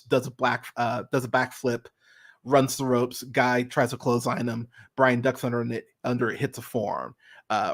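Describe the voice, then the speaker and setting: A man hosting a podcast from his room, reviewing a wrestling match in an excited, casual way, swearing a lot and using many fillers. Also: mid-range voice. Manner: enthusiastic, swears often, lots of fillers.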